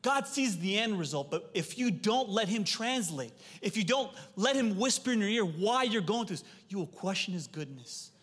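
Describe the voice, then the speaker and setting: Man, pastor, thirties, high voice, animated sermon storytelling, audience call-outs, long hall reverb. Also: moderate pace, few pauses. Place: church hall.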